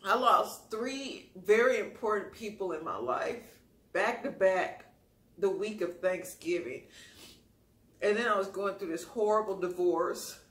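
A man telling an emotional personal story on his channel in an expressive, sassy way, calling listeners honey. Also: high-pitched, a little slow. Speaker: storytime YouTuber. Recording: roomy echo.

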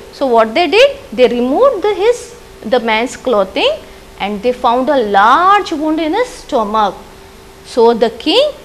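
A woman's voice: sits high, a little hiss or hum, rough recording. A woman teacher reading a story aloud to a class, rephrasing each passage and asking the class questions.

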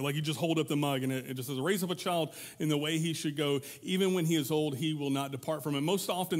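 A man preaching a sermon at a church in a conversational way, slipping into quoted voices to act out examples. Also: a little high. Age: adult parent. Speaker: pastor.

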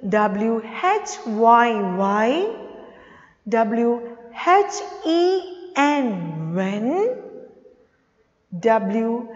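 A woman teacher, slowly spelling words letter by letter for children and repeating them. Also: fairly high pitch. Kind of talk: slow spelling lesson for children. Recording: echoey room, dull lo-fi sound.

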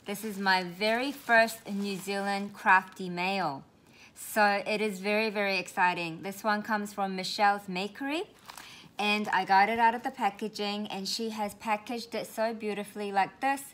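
A woman's voice: medium pitch, steady tone, moderate pace, fairly bright tone. A woman craft vlogger who lives in Australia, opening crafty mail and gushing about it in a casual way, often repeating words for emphasis.

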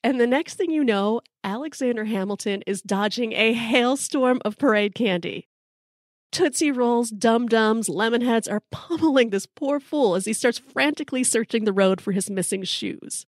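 Woman, middle-aged, wry storyteller, slightly high voice, dry close recording. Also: moderate pace, dry recording. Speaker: podcast host.

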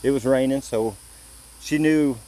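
Plain-spoken man from Illinois, mellow voice. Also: medium pitch, a little slow, low-quality recording. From Illinois, USA. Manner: plain-spoken, retells events through quoted back-and-forth. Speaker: visitor telling what happened to him. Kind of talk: casual spoken storytelling.

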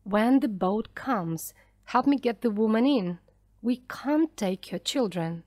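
Woman voicing a firm lighthouse keeper, commanding, slow, dry close sound. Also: a little high, lively intonation, darkish tone, dry recording. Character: stern brave male lighthouse keeper, father.

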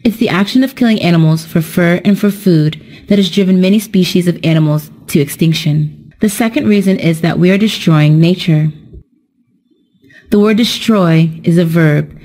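A young adult woman teaching an English lesson in a slow, careful, explanatory way, scripted narration. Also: lowish voice, dark tone.

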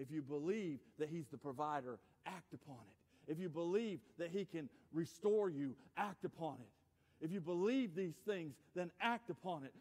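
A man preaching a sermon as pastor, dropping low and quiet then rising to shouts. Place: church sanctuary. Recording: church sanctuary with long reverb.

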